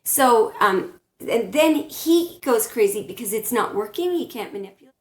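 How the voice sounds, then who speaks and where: A tarot reader with a fairly high, animated voice talks at normal speed directly to camera, offering blunt spiritual advice about relationships. She often starts her sentences over, and the room echoes noticeably.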